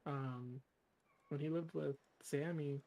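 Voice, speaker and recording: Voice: medium pitch, fairly even intonation, takes it slowly, warm tone. A co-host in a game stream, talking casually in a rambling way with lots of fillers and offhand swearing. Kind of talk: casual chat.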